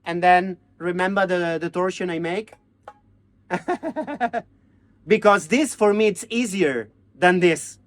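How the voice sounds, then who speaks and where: A man teaching hand-drum technique, chanting drum syllables and counting beats in halting. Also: high-pitched. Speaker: percussion teacher. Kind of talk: hands-on music lesson.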